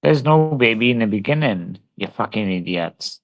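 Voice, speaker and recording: Drunk man ranting, low voice. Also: lively intonation, moderate pace, gravelly, no room sound, low-quality recording. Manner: profane, rambling and repetitive. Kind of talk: angry livestream rant.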